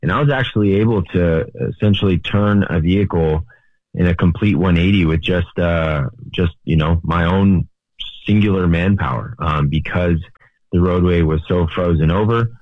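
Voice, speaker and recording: A man, a highway patrol officer, answering questions as a radio interview guest, with many ums and uhs. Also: moderate pace, dry recording. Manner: hesitant, many fillers. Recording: tinny phone line.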